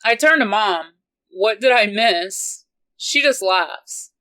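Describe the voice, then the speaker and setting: A woman reads a romance novel aloud at a slow, unhurried pace. Her voice is bright and her delivery stays even, in a mid pitch. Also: low-quality recording. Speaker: audiobook reader.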